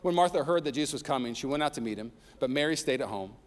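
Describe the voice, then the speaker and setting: A man's voice: mid-range voice, lively intonation, fast. A man preaching a sermon as pastor, reading scripture and telling personal stories with humor and rising intensity. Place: church sanctuary. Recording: long reverb of a large hall.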